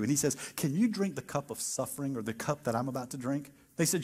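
A man preaching a conversational sermon as pastor, acting out biblical dialogue with lively asides. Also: mid-range voice, quick pace, slightly rough.

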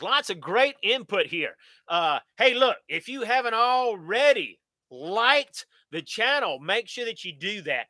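A folksy middle-aged man from the answers viewer questions on a live stream. His voice sits high and bright, recorded close and dry. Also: sing-song, normal speed, dry recording. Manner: folksy, upbeat, talks straight to viewers. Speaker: channel host.

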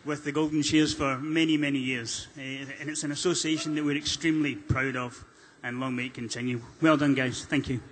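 A man representing a sponsor, giving a short, measured and courteous speech. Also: mid-range voice, fairly even intonation, a little hiss or hum. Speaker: sponsor representative presenting awards.

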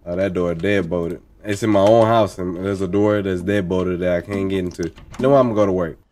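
A man's voice: deep voice, fairly quick, a little mellow, slight background noise. A young man hosting a let's play, repeating phrases in rhythmic bursts as he plays along. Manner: repeats lines in chanting bursts, talks along with the game. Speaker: gaming channel host.

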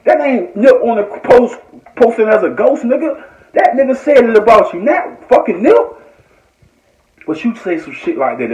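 Man from Norfolk, Virginia, fired-up live-stream rant, high and swooping voice, echoey lo-fi phone sound. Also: a little mellow. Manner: heated, repetitive, profane. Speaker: online commentator. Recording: echoey, dull lo-fi phone audio.

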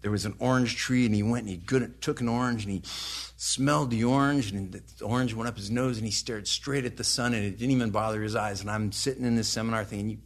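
A man's voice: fairly low pitch, brisk, hardly any pauses. A man in his fifties, a trainer guest on a podcast, telling long rambling anecdotes with swearing and laughter. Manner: rambling anecdotes, profane, laughs while talking. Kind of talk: casual podcast storytelling.

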